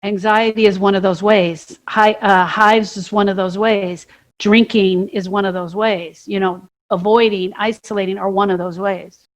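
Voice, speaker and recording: A woman's voice: medium pitch, fairly even intonation, normal speed. Emphatic woman with a mid-range voice. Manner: emphatic, builds points through repetition and questions. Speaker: podcast co-host. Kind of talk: reflective conversation about grief.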